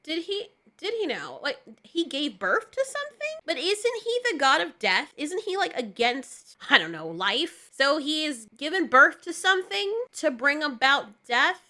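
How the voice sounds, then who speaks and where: Sharp, bright-voiced sarcastic woman reviewer. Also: high voice, sing-song, unhurried, hardly any pauses. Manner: blunt, sarcastic, swears freely. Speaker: video commentator. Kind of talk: casual reaction commentary.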